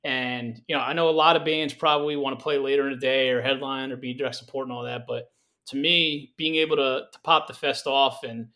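Relaxed man, laughing guest. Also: mid-range voice, fairly quick. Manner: laughs often, relaxed, swears casually. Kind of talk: casual podcast chat.

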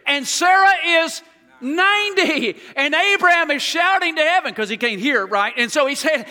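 A man preaching a sermon as pastor to his church, swinging from quiet hushed passages to loud shouted exclamations. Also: very high-pitched, expressive, moderate pace. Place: large church sanctuary. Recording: reverberant hall.

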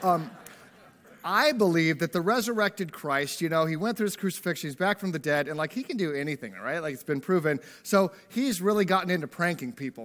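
A man's voice: high-pitched, animated, fairly quick, fairly bright tone. A man preaching a sermon to a congregation in a church. He talks casually and jokingly, often checking in with "right?" as he goes. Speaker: pastor. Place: church service before a congregation.

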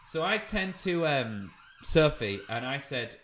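Animated young man telling a funny story. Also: mid-range voice, slow pace, few pauses. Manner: animated, swearing, lots of fillers. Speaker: podcast co-host, storyteller. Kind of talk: casual comedic storytelling.

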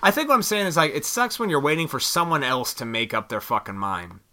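Animated, profane man venting. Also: fairly high pitch, fairly quick. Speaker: vlogger. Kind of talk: casual venting monologue.

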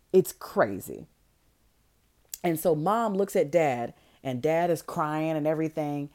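Woman, lower voice, very lively pitch, slangy, comedic, acts out characters. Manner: animated, slangy and comedic, voicing characters in asides. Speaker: movie recapper. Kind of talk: casual movie recap with acted quotes.

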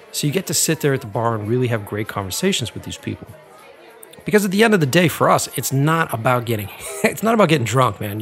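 A man casually telling a story in a chatty, animated way, laughing often and using many fillers. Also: mid-range voice.

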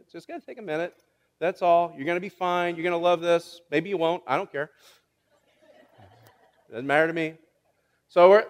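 A pastor with a fairly high, darkish voice delivers a sermon, ribbing his congregation in a playful way. He frequently restarts phrases, repeating words as he does. The long reverb of the church sanctuary fills the recording.

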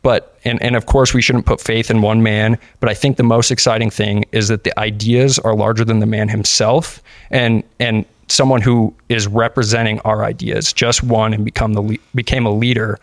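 A man's voice: fairly low pitch, little pitch movement, normal speed, dry recording. A man who is a guest on a podcast, talking earnestly about politics in casual discussion, often restarting his sentences. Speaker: podcast guest, libertarian activist.

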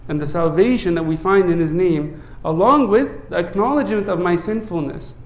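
An earnest priest delivers a sermon at a normal pace, frequently asking "right?" as a rhetorical check-in. When he recites a prayer, his voice drops low and soft, and the room sounds reverberant.

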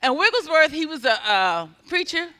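Preacher guy, super high bright voice, acts out the quotes, echo off a big church hall. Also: moderate pace. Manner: animated, acts out quoted speech, builds to loud exhortation. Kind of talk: sermon storytelling. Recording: long hall reverb.

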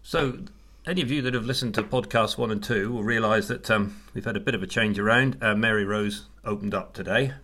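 Give me a middle-aged man chatting on a podcast in a lowish voice, hesitant and friendly. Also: fairly quick, pushed and bright. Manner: chatty, hesitant with many restarts. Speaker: podcast co-host. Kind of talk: casual chat.

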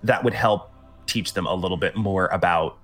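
A man's voice: sits low, moderate pace, fairly bright tone, soft background music. A man hosting a casual gaming podcast who talks loosely, with fillers and casual swearing, on a home podcast mic. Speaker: podcast host. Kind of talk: casual chat.

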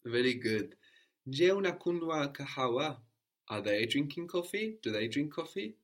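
A man teaching a language lesson, repeating each answer back slowly and checking understanding with a questioning "no?". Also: medium pitch, expressive.

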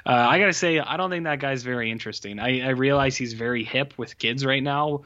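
A man's voice: medium pitch, fairly quick, pushed and bright, dull audio. A man in a casual movie review chat, rambling and swearing, with lots of filler words. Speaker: podcast co-host.

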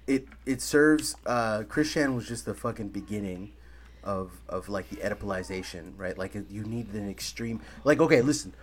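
A man's voice: lowish voice, moderate pace. A man co-hosting a podcast in rowdy casual chat, swearing freely and rambling animatedly. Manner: animated, swearing, gestures loudly, breaks into laughs. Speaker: podcast co-host.

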